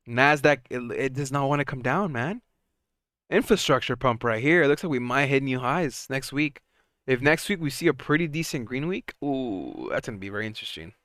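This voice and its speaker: A young man hosts a live stock market stream in a casual, excitable way, chatting to viewers and laughing between points. His voice is smooth and clear at a middle pitch. The sound is close and dry, with almost no room. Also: no echo. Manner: excitable, chatty, laughs often, trails off and restarts. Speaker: stock market livestream host.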